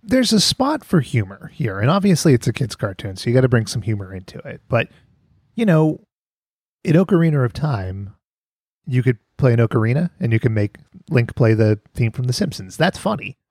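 A man's voice: mid-range voice, very animated, moderate pace, a little mellow, husky, no echo, clean studio sound. Wry male podcast host. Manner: wry, laughing, swears casually. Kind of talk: casual podcast chat.

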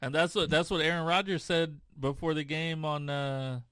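A man co-hosts a casual football chat, sounding laid-back and agreeable. His voice is slightly high, fairly bright, clear and resonant, with fairly even intonation and normal speed. The recording is studio quality with no room sound.

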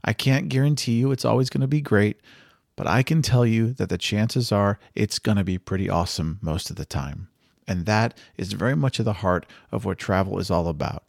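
A man with a low, gravelly voice hosts his travel podcast, recorded dry with no room sound. He tells a personal story in an earnest, reflective way. He sounds encouraging throughout. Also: brisk, a little mellow, no room sound. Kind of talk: storytelling monologue.

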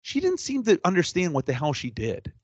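Man, podcast co-host, animated ranting story, dry close sound, slightly dull lo-fi audio. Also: high voice, fairly quick, husky, no room sound. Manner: animated, exasperated ranting with swearing. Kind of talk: casual storytelling chat.

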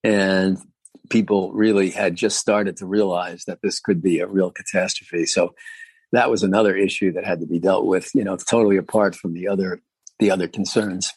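A man with a low, slightly husky voice talks through his answers, circling back and filling pauses as he thinks. He sounds like a guest in an interview. The sound is dry and close, with little room around it. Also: steady tone, darkish tone, no room sound. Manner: thoughtful, rambling with many fillers. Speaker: guest, former agency commissioner.

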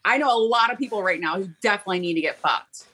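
A woman's voice: mid-range voice, lively intonation, rapid-fire, pushed and bright, breathy edge, low-quality recording. A middle-aged woman, a podcast host appearing as a guest, telling candid stories in a blunt, profane, laughing way. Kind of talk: candid casual interview talk.

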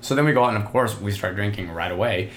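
A man's voice: lowish voice, fast, echoey room, slight background noise. A young man telling a long story in casual chat, rambling with lots of filler and laughing often. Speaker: podcast host telling a story.

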